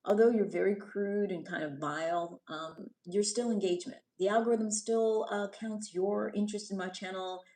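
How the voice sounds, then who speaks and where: A woman's voice: mid-range voice, steady tone, moderate pace, few pauses, mellow. A woman from New York City hosting a livestream, chatting casually with viewers, reading their comments and teasing or scolding them. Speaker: livestream host. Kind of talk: casual live-stream chat reading comments.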